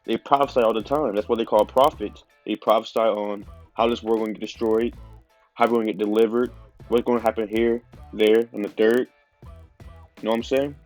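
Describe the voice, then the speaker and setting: A man's voice: fairly low pitch, fairly even intonation, fairly quick, darkish tone, faint music behind. A man with a stuffy nose giving an informal religious teaching, talking casually with lots of fillers. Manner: casual, conversational preaching with many fillers. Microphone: phone.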